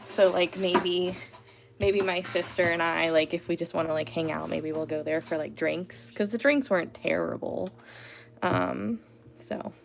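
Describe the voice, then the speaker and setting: A woman's voice: lowish voice, gravelly, background noise. A woman hosting an art livestream from home, chatting casually with lots of "like" and "you know".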